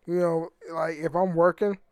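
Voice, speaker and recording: A man's voice: a little high, level tone, normal speed, a little mellow, clear, resonant tone, no room sound. A young American man hosting his own podcast, rambling and profane, often stumbling and repeating words as he restarts sentences. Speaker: podcast host. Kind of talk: casual solo podcast monologue.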